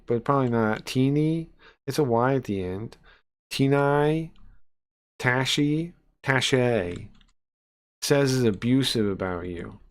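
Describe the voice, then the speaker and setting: A young man streaming casual reaction commentary, brash and mocking, swearing freely and tripping over restarts and fillers. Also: mid-range voice.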